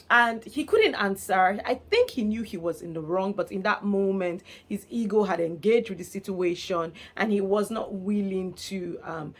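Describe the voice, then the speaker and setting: A woman giving a casual, gossipy recap of reality show drama in an animated, expressive way, laughing often. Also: mid-range voice, normal speed, few pauses.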